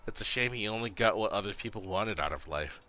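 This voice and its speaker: A man's voice: fairly low pitch, quick pace, pushed and bright, faint music behind. A man voicing a weary, reflective middle-aged ex-gangster, reading game dialogue aloud in a subdued, thoughtful way. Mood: solemn.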